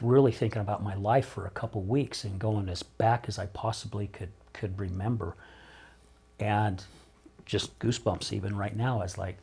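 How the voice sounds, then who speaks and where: Middle-aged man, low voice, raw and open guest, circles back on his words. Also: moderate pace, darkish tone, slightly rough. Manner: emotional, open, rambling with repeated starts. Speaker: podcast guest, recovery coach. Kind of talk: candid interview conversation.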